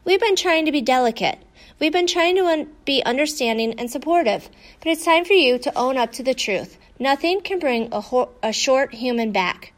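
A woman voicing a gentle, supportive female dog in a storybook, careful and hesitant. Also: sits high, expressive, normal speed.

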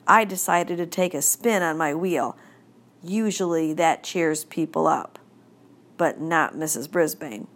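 A woman narrating a children's audiobook in a gentle, deliberate storytelling manner. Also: low-pitched.

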